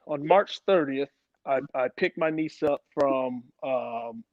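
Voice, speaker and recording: A young man giving a personal account in an interview, halting, with many restarts and repeated words. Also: mid-range voice, dry recording. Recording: dull lo-fi sound, dry.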